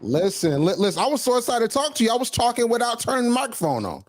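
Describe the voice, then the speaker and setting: A man hosting a casual interview podcast, energetic and slangy, often starting with "listen". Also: extremely high pitch, fast talker. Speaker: podcast host.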